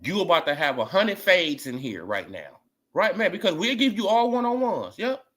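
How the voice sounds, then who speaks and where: Animated man ranting in slang. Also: moderate pace. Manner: animated, swings from shouting to low mumbling, slangy. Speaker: boxing commentary channel host. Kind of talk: casual ranting commentary.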